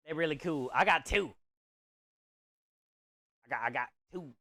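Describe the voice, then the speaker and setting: A man's voice: on the high side, measured pace, sharp tone, no room sound. Chatty man streaming to viewers. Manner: friendly, chatty, addresses viewers as bro and dude. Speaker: streamer host of a cooking stream. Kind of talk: casual live-stream chat reading comments. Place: kitchen or food truck.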